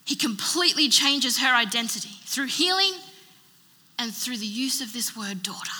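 A woman's voice: fairly high pitch, lively intonation, normal speed, bright, forceful tone. A woman preacher giving a sermon in an emphatic style, building her points through rhythmic repetition. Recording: long reverb of a large hall.

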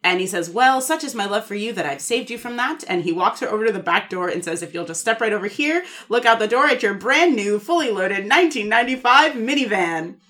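Woman podcast co-host; bright tone, expressive pitch, casual storyteller who acts out the dialogue. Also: brisk, hardly any pauses. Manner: lively storytelling, acting out quoted lines.

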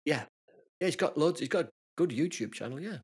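A man co-hosting a podcast in casual chat, chatty and friendly and quick to laugh. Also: a little high, expressive, husky. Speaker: podcast co-host.

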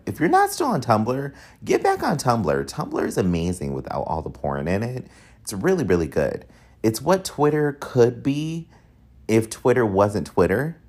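A young man talks through his podcast in a loose, rambling way, drifting into asides and filling pauses with ums. His voice sits very low. The delivery stays casual and conversational throughout. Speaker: podcast host. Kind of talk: casual solo podcast monologue.

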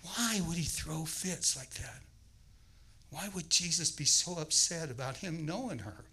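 A man preaching as a guest, telling a story with lively gusto and acting out voices. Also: fairly high pitch, a little slow, breathy edge, poor audio. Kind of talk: sermon.

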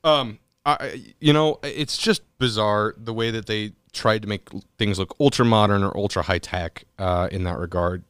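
A man chatting casually about a movie, animated and profane, often restarting his sentences. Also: fairly low pitch, moderate pace, few pauses, clean tone, no room sound, studio quality.

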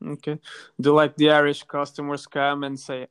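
Hesitant man, a bit higher voice. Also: completely flat delivery, normal speed, a bit bright, smooth. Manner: hesitant, many fillers and restarts, playful. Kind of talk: casual chat.

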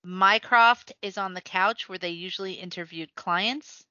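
Bright-voiced woman setting up playful scenes. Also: medium pitch, measured pace, no echo, muffled recording. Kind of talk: casual fan chat.

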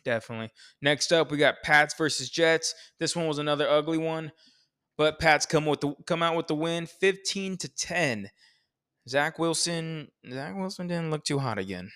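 A man's voice: a little high, moderate pace, a bit bright, clear, resonant tone. A man co-hosting a podcast, chatting casually about football in a rambling, opinionated, profane way. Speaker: podcast co-host. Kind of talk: casual sports chat.

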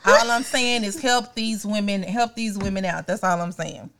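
A woman's voice: medium pitch, moderate pace, fairly bright tone. A young woman co-hosting a podcast, ranting in casual comedic chat and acting out scenes in exaggerated voices. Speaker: podcast co-host.

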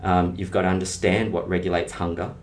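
Man, middle-aged, lowish voice, emphatic coach, conversational interview. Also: steady tone, brisk, slight background noise. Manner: emphatic, explains with analogies and stories. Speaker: health and weight-loss coach. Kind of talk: casual podcast interview.

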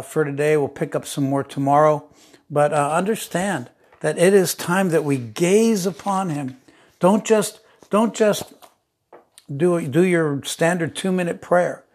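Middle-aged guy preaching, kinda high voice, repeats stuff for emphasis, goes quiet on the soft bits. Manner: emphatic, repeats key phrases, drops to a hush for tender lines. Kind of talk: sermon.

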